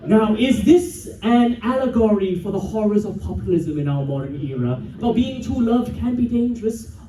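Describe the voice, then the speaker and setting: A playful, theatrical host running a live comedy game show and teasing the crowd. The voice bounces around a big echoing hall and sits well back from the microphone. Steady background noise runs under it. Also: mid-range voice. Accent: non-local. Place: large convention hall with live audience. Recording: echoey hall, distant mic, loud background noise.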